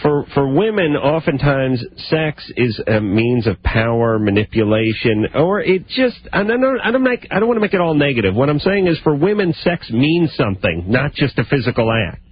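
Male call-in radio host, blunt and crude, mid-pitched, lo-fi broadcast sound. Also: sing-song, normal speed, hardly any pauses, slight background noise.

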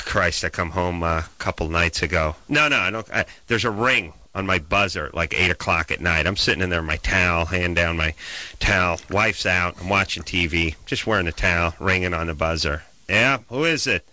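Bright-voiced man telling a rant. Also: low voice, a little fast, no room sound. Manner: animated storyteller, ranting. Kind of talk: casual chat.

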